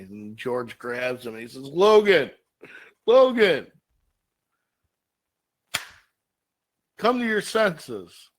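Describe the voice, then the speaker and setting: Over a rough recording, a man with a fairly low voice co-hosts a comedy podcast. He's a profane, energetic storyteller spinning a made-up bar-fight tale full of swearing.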